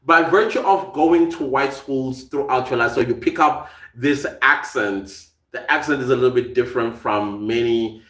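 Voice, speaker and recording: A man's voice: medium pitch, normal speed, a bit bright, roomy sound. A South African man with a slight American tinge to his accent, hosting a live podcast and reading out viewer comments, chatty and laughing often. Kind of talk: casual live-stream chat.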